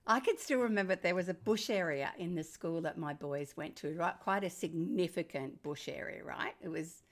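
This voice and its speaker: An older woman with an Australian accent, a former teacher speaking as a guest in a conversation, emphatic and animated. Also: moderate pace. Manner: animated, emphatic, rising to high exclamations. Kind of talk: conversational interview.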